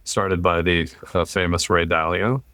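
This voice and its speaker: A man's voice: low voice, a little slow, no room sound. An American man hosting a podcast, talking in a blunt, opinionated way, swearing now and then. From United States. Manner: blunt, swears, animated rants. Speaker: podcast host. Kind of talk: casual opinionated chat.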